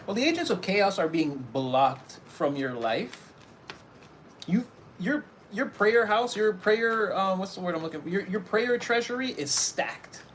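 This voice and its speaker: A man's voice: high voice, animated, measured pace, fairly bright tone, a little hiss or hum. A man giving a casual tarot reading, talking animatedly and acting out little scenes, often breaking into laughter. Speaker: tarot reader.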